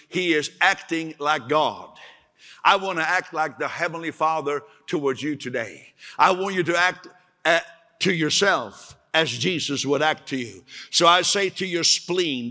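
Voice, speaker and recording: A male pastor preaching with animated energy, his bright voice sitting a little high. He acts out other people's voices and laughs often. The sound carries a long reverb from a large hall. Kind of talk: sermon.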